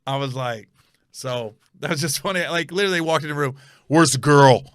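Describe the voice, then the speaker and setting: A man hosting a comedy podcast, telling a funny story with animated energy and loud reenactments. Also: brisk, clear, resonant tone, no echo, clean studio sound. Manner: animated storyteller, bursts into high shouted yelling when reenacting.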